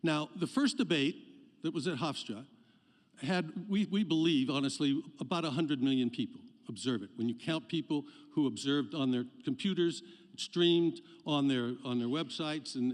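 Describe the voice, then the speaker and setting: A man's voice: mid-range voice, normal speed. A man giving a live address to a hall audience before a debate, speaking loosely with many fillers and restarts. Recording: long hall reverb.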